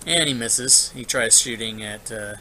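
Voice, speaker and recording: A man's voice: medium pitch, a little slow, bright, forceful tone, a little hiss or hum, poor audio. A man running an online tabletop game as dungeon master, narrating monster turns casually with lots of filler. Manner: casual, thinking aloud with frequent filler.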